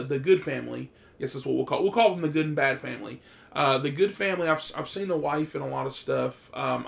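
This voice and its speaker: Gravelly, profane casual movie reviewer man. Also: medium pitch. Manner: animated, profane, loud bursts of excitement.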